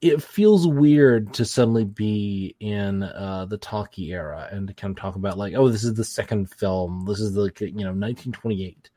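A man's voice: lowish voice, moderate pace, hardly any pauses, dry recording, clean studio sound. Rambling man in casual film chat. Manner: rambling, many fillers, animated mock impressions. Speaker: podcast co-host.

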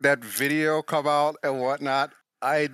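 A man's voice: a little high, measured pace, clean tone, no room sound. A man co-hosting a flight simulation podcast, chatting casually and telling stories in an enthusiastic, joking way. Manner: enthusiastic, jokey, animated storytelling. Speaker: podcast co-host. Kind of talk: casual chat.

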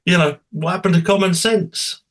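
Easygoing man, slightly high voice. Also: fairly even intonation, moderate pace, a bit bright. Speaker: radio show guest. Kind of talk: casual chat.

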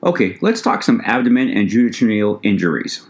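A man with a fairly low voice gives a recorded lecture to EMT students. He talks to the class in a conversational way and often says "ladies and gentlemen." Now and then he stumbles and restarts a word. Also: sing-song, normal speed. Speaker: EMT instructor.

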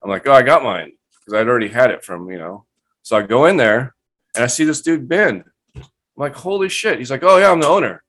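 A man speaks as a guest on a live online show. He tells stories in a casual, profane way and jumps into the voices of people he quotes. His pitch sits in a middle range for a man. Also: brisk. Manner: profane, animated, acts out quotes. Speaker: guest cannabis breeder. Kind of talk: casual storytelling.

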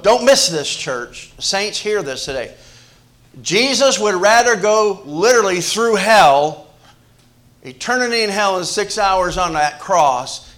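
A man preaching a sermon to his church, moving between loud emphasis and hushed asides, often repeating words and restarting phrases. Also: sits high. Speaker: pastor.

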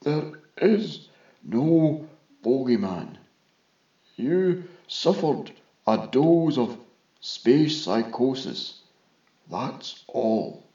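A breezy male vizier , as a male reader puts him on, speaking slowly and surely, brushing off any danger. His low-key voice is slightly dull, like a modest recording. It is a storybook reading of a space tale. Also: animated, dark tone, echoey room. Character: cheery confident male vizier on a spacecraft radio.

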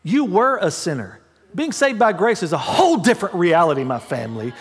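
A man preaching a sermon as pastor, mixing humorous family stories with hushed prayer. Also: high-pitched, big pitch swings, fairly quick, soft background music. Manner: dramatic swings from loud to hushed prayer; humorous storytelling with laughs. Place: church sanctuary. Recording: long hall reverb.

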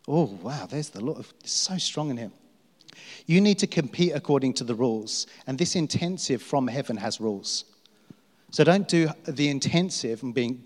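A middle-aged man preaching a sermon, telling stories about himself with self-mocking humor and frequent laughter. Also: a little high. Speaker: pastor. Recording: long hall reverb.

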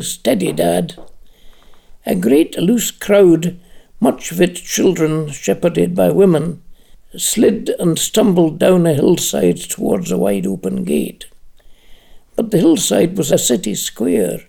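A narrator giving a measured, expressive reading of a literary audiobook. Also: medium pitch, creaky, slightly rough.

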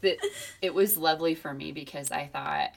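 Low-pitched woman chatting, tells stories with lots of feeling, does little voices for people. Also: normal speed, vocal fry. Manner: animated storyteller, reflective, acts out quoted voices. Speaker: podcast co-host. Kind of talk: casual chat.

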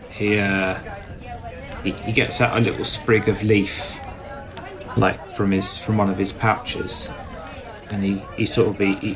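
A man playing a tabletop game, describing what his character does with many restarts and repeated words. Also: fairly low pitch. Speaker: player.

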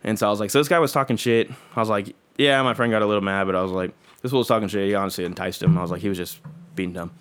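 A man's voice: fairly low pitch, very fast, fairly bright tone, clean tone. Profane young man telling a story. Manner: profane, slangy, acts out quoted dialogue. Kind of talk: casual storytelling chat.

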